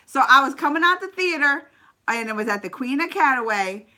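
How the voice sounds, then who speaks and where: A bright, sharp-toned woman chats on a live stream. Her high voice swoops all over as she tells stories and greets viewers by name between anecdotes. She is animated and chatty throughout. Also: brisk. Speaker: vlogger. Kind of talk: casual live-stream chat.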